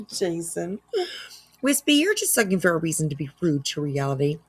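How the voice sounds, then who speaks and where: A woman with a fairly low, husky, expressive voice speaks at a measured pace. She hosts a casual reaction livestream, chatting and laughing often as she reads out chat.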